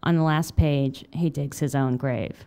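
A woman in her thirties, an author reading a confessional memoir aloud in a wry manner, then answering questions with halting fillers. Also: low voice, steady tone, noisy background. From United States. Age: 30s.

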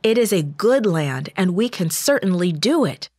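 A woman's voice: lowish voice, sing-song, normal speed, darkish tone, dry recording, studio quality. Caleb, a woman reading as an eager strong man. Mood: encouraging. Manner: firm, encouraging, emphatic. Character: strong, tall, eager male spy.

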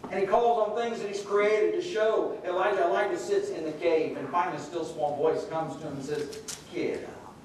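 Recorded from a distance in an echoing hall, a middle-aged pastor in a church sanctuary narrates a story in his sermon and performs the voices of those he quotes. His voice is high-pitched, and a little hiss or hum can be heard.

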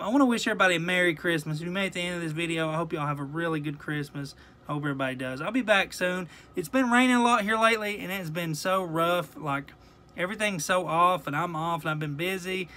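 A man's voice: fairly high pitch, bright, forceful tone. A man in his thirties with a Southern US accent, chatting and rambling to the camera as a fishing vlogger and swearing at mishaps. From Tennessee. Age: 30s. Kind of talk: casual self-talk while fishing.

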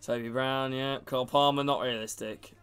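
A man's voice: mid-range voice, steady tone, normal speed, fairly bright tone, clear, resonant tone, faint music behind. A man casually commentating a game stream, chatting with viewers and calling them by name. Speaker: gaming streamer.

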